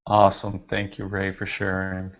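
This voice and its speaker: A man's voice: low voice, completely flat delivery, normal speed, lo-fi sound. A man hosting an online group hangout, effusively thanking participants and reading their chat messages aloud. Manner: effusive, encouraging, reads chat comments aloud. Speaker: host of a group meditation hangout. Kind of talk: upbeat hosting.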